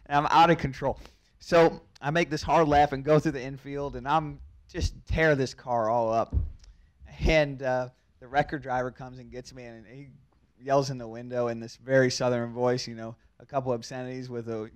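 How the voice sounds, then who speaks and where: A tipsy young man, a race car driver, telling a long story at a press conference, chuckling and repeating words as he goes. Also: medium pitch. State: a little drunk.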